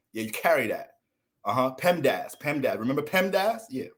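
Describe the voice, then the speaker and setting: American man, astrologer, casual livestream rant, profane and joking, lively swinging pitch. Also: fairly quick. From United States.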